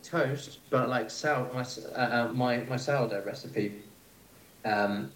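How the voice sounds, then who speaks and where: A man's voice: medium pitch, slow. Male chef, guest chat; hesitant, laughing, recorded in an echoey room. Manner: rambling, hesitant, laughs easily. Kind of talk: casual interview chat. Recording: echoey room with faint noise.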